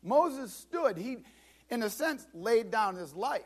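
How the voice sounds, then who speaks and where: High-voiced pastor guy preaching, gets dramatic acting out bible scenes, repeats himself a lot. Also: very animated, slow, breathy edge. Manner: repeats words and restarts. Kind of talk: sermon.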